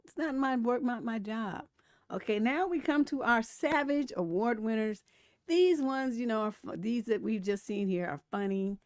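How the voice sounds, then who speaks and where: A woman's voice: on the high side, moderate pace, a little mellow, no room sound, studio quality. A middle-aged woman, a relationship coach, hosting a casual live stream, telling stories bluntly with a lot of profanity and laughter. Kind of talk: casual livestream commentary.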